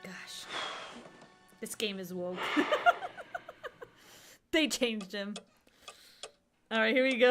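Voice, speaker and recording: A woman's voice: mid-range voice, slow, long pauses, music in the background. A woman in her thirties from the United States giving giddy, giggly livestream commentary on a game. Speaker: streamer. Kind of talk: let's-play livestream commentary.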